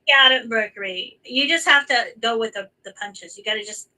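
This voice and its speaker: American woman host, chatty and halting, very bright tone, slightly distant on a call. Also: fairly high pitch. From United States. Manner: chatty, halting, with many restarts. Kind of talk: live online chat.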